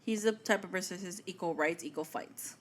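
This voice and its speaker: A young woman co-hosting a podcast in casual chat, giggly and quick to react with swearing. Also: on the low side, a little hiss or hum. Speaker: podcast co-host.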